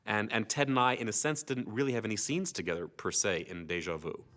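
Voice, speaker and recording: An older actor reminiscing casually about his years on a TV series, an animated storyteller who slips into comic voices. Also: fairly low pitch, fairly quick, soft background music.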